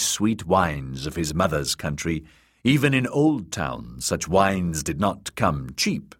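A man narrating a fantasy audiobook in a measured, expressive storytelling manner. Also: low-pitched, no room sound, clean studio sound.

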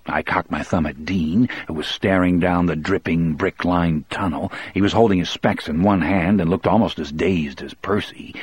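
A man with a husky voice reading a first-person audiobook in a measured, reflective way. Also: low-pitched, steady tone, dry recording. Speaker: audiobook narrator.

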